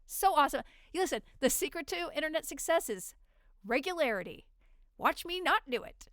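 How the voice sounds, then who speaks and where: A woman's voice: high voice, very animated, fairly quick, fairly bright tone, no echo, clean studio sound. A woman hosting her own podcast, chatting freely and at length in a rambling, unedited monologue. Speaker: podcast host. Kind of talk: casual solo monologue.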